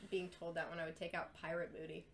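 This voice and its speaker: A woman's voice: fairly low pitch, little pitch movement, fast, crowd noise. Sarcastic young woman podcaster. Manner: jokey, sarcastic, swears freely. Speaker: podcast co-host. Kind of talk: casual chat.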